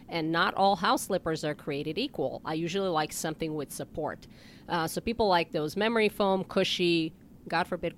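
A woman podiatrist, a guest on a health talk show, explaining foot problems in a relaxed, plain way with easy laughs. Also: fairly low pitch, a little hiss or hum. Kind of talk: casual interview talk.

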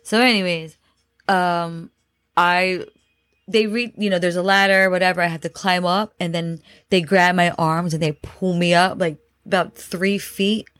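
A woman's voice: lowish voice, fairly even intonation, unhurried, a bit bright, no room sound. A woman host telling a dramatic personal story, repeating phrases and using many fillers. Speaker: podcast host.

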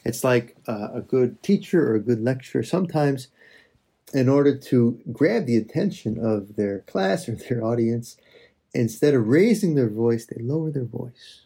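A man speaks a slow, reflective prayer meditation in a mellow, darker voice with a slightly husky edge. He talks with soft pauses, turning from prayer to gentle teaching. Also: mid-range voice, animated.

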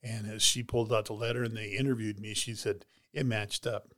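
A man's voice: lowish voice, level tone, fairly quick, pushed and bright. A man, a heart transplant recipient, casually retelling a personal story in an interview, rambling with many "you know"s and "she goes".

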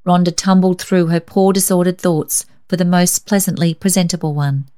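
A woman narrating a children's story in a measured, gentle reading. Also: fairly low pitch, fairly even intonation, clean tone. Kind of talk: scripted narration.

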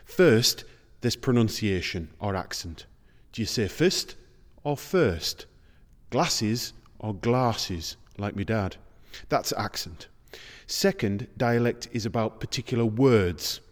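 A man hosting a podcast in measured, explanatory scripted narration. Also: on the low side, expressive. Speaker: podcast host. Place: large circular museum room. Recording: reverberant space.

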